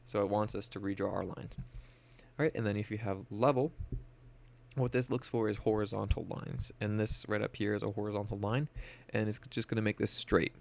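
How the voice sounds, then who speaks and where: A man's voice: lowish voice, flat delivery, normal speed, vocal fry. A young man talking casually through a photo editing tutorial, explaining each step with plenty of "uh" and "um". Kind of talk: screen-recorded software tutorial.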